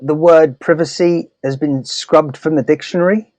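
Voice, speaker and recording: A woman's voice: low voice, steady tone, moderate pace, warm tone, dry recording. A woman joining a livestream chat with dry, joking quips. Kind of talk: casual chat.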